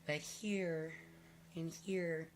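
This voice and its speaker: Hoarse, raspy older woman, low and slow. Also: steady tone, slight background noise. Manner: rambling and heartfelt, with hesitant fillers. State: hoarse, nearly lost voice. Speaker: vlogger. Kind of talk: casual to-camera chat.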